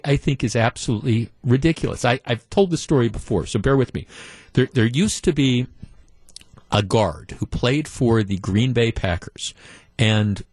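A man's voice: mid-range voice, darkish tone, no echo. A man hosting a talk radio show, delivering a conversational monologue with emphatic opinions from a studio mic.

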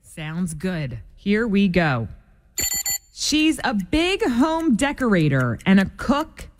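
A woman with a New Jersey accent co-hosting a radio morning show, reading traffic and running a quiz in a brisk, playful way. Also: medium pitch, sing-song. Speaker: radio co-host, traffic and game segments. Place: radio studio.

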